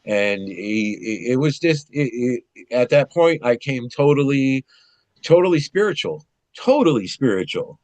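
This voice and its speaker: Casting: man, mid-pitch, rambling storyteller, dry close sound. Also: unhurried, dry recording. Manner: rambling, animated, swears, restarts often. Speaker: guest. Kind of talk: casual storytelling conversation.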